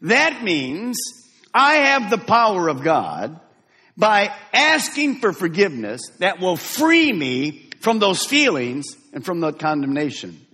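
A man's voice: sits high, very animated, slow pace, bright, forceful tone, slightly rough, long reverb tail. A man preaching a sermon as pastor, emphatic and direct, having the congregation repeat lines after him. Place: church sanctuary.

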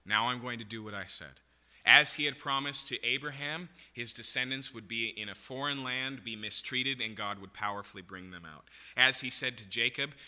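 Bright-voiced preacher man in a reverberant hall. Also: on the low side. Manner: animated Bible teaching, frequent "okay?" and "right?". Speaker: pastor. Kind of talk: sermon.

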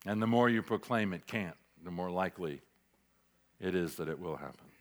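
A man preaching a sermon as pastor, dramatic, swinging between loud declarations and near-whispered asides. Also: deep voice, animated, moderate pace. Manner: dramatic, varies loudness, drops to near whisper for emphasis.

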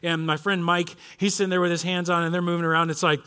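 A man in his forties preaching a sermon, telling a story with animated quoted voices. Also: fairly high pitch, quick pace, few pauses, smooth. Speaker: pastor. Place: church.

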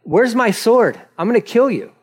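A man's voice: extremely high pitch, animated, normal speed, slightly rough, pitched above the performer's own voice, full character voice. A man voicing an angry prophet scolding his donkey. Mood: indignant.

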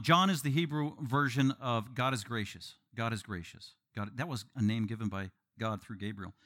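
A man preaching an expository sermon. He delivers it in an animated, emphatic way, with joking asides to the congregation. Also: medium pitch, fairly quick, few pauses. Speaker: pastor.

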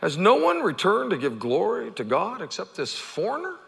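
A man preaching a sermon, telling the story with animated energy and acting out the characters' shouts. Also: high voice, moderate pace, gravelly, breathy edge, in a large hall. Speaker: pastor.

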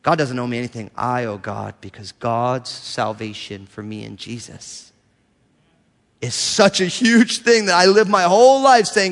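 A middle-aged male pastor delivering an animated sermon, acting out the voices of churchgoers as he preaches in a church hall. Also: mid-range voice, measured pace.

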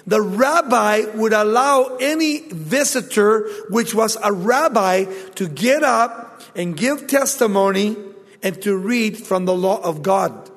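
High-voiced man preaching in a reverberant hall. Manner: animated preaching with sudden loud and soft turns. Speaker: pastor. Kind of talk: sermon. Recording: long reverb of a large hall.

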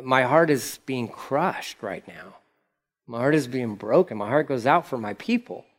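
A man preaching and voicing an overwhelmed, grieving biblical man, quiet, weary and halting. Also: mid-range voice, expressive.

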